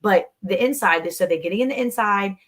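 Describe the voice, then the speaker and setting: A woman's voice: mid-range voice, a little fast, fairly bright tone. Woman, livestream co-host, casual chat, talkative, greets viewers. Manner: chatty, reads out viewer comments.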